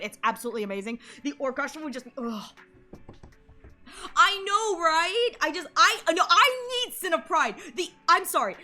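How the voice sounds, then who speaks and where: Bright, excitable streamer woman. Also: fairly high pitch. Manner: excitable, gasping and ranting. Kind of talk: live gameplay commentary.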